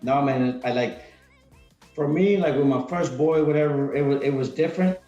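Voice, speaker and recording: A man's voice: on the high side, moderate pace, dark tone. A man around forty chats casually as a podcast guest. He rambles and restarts often. The sound is roomy and a little dull, with faint music under it. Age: 40s. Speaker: podcast guest, retired Marine. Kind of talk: casual interview chat.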